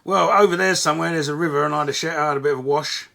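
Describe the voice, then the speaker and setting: A man's voice: on the high side, fairly even intonation, rapid-fire, creaky, sharp tone. An Australian man trading crude, self-mocking jokes with a mate while dubbing over a four-wheel-drive trip video. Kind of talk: joking dubbed-over banter.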